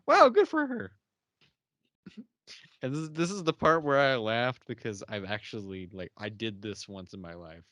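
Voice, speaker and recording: A man's voice: lowish voice, sing-song, a little slow, long pauses, fairly bright tone, no echo. A young man hosting a podcast, chatting casually and laughing often as he acts out characters' lines. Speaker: podcast host. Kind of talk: casual chat recapping a TV episode.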